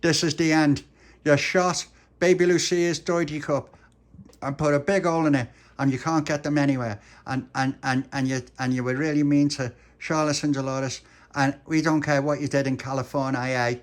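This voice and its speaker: A man's voice: a little high, steady tone, moderate pace, pitched above the performer's own voice, lightly acted. A man voicing a brave little boy playing a cowboy hero, stammering with earnest bravado.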